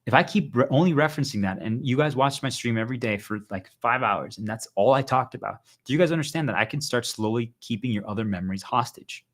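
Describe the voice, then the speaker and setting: A man's voice: mid-range voice, fast, few pauses. A male livestreamer giving an urgent, insistent motivational monologue to his viewers, hammering points home with repeated phrases.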